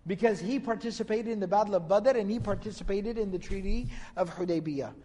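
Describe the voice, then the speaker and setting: A man's voice: high voice, brisk, warm tone, big-room sound. A man giving a religious lecture, retelling narrations in a storytelling manner and quoting Arabic. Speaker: Islamic lecturer.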